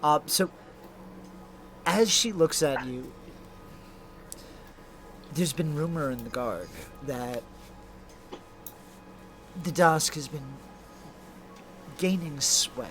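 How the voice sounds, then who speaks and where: A man's voice: on the high side, very slow, long pauses, a bit bright. A man running a tabletop game as game master, narrating in a loose, stumbling way. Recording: background music.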